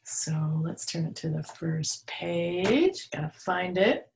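A woman's voice: fairly low pitch, expressive, slow, gravelly, a little hiss or hum. A woman reading a picture book aloud to children, in a playful way, with animal sounds and asides to her listeners. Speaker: storytime reader. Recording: roomy echo.

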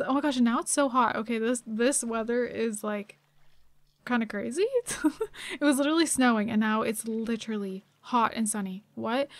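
A bubbly young woman chatting through her gameplay, gasping and giggling as she goes. Her voice sits on the higher side, recorded close and dry with no room sound. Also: no echo. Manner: excitable and chatty, gasps and giggles often. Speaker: gaming channel host. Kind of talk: casual gameplay commentary.

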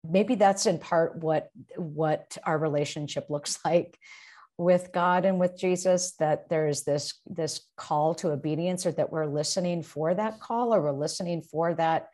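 Over a video call, a seminary professor who co-hosts a podcast discusses a Bible passage casually. Her low, mellow voice moves unhurriedly as she reflects and searches, circling back and restarting sentences while thinking aloud.

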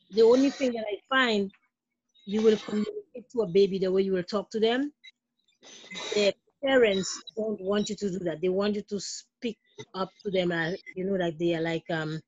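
A woman in a training class explaining childcare in a halting way, using examples. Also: mid-range voice, a little mellow, husky, no echo, dull audio. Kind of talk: answering in a group training call.

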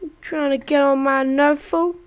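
A woman voicing a swaggering trash-talking tough who guards her turf, loud and taunting in a raised pitch. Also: fairly even intonation, moderate pace, lightly acted. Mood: taunting, angry. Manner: loud, high and taunting, calling others fool.

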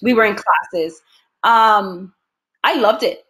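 A woman from the United States, an actress and interview guest, telling lively stories in a casual chat and laughing often. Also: mid-range voice, slow.

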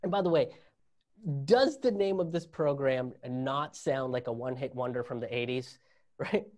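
A man's voice: mid-range voice, moderate pace, a little mellow. A man doing a stand-up comedy set, sarcastic and laughing at his own jokes.

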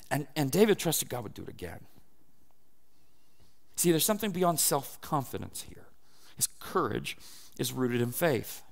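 A man preaching a sermon as pastor, animated, moving between loud and soft. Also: a little high, gravelly.

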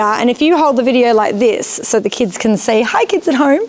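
A woman's voice: fairly high pitch, lively intonation, a little fast, hardly any pauses, a little mellow. A woman instructing a rider in a riding arena, encouraging and often checking that she understands. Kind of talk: live coaching of a rider.

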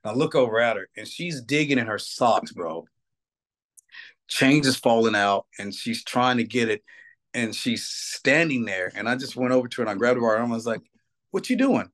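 A middle-aged man speaks in a casual interview in a voice of ordinary pitch. He tells heartfelt stories, slips into "you know what I mean" again and again, and gets choked up along the way. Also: moderate pace, a bit bright. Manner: emotional storytelling, tearful at times, repeats "you know what I mean". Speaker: guest, metal band singer.

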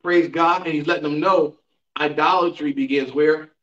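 His voice is fairly high and fairly bright, held to a steady tone at a moderate pace. The male pastor teaches Bible class in the church sanctuary, preaching emphatically with call-and-response and rhetorical questions, captured by a distant mic with a roomy, dull sound.

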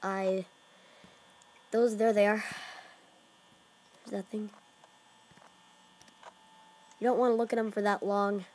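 A woman's voice: medium pitch, level tone, slow, pauses often, a little mellow. A woman hosting a horror game let's play, jumpy and exclaiming, often dropping to whispers. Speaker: gaming channel host.

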